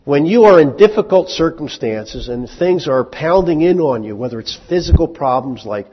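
Heard in a large hall through a muffled, lo-fi recording, a man with a fairly high, expressive, husky voice gives a sermon. This pastor talks conversationally, asks his congregation questions, and acts out short exchanges in quick voices.

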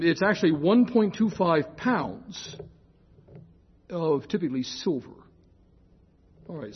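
An older man lecturing on scripture in a chatty, digressive classroom way, often correcting himself and slowing to spell out key terms. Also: fairly high pitch, slightly rough, lo-fi sound.

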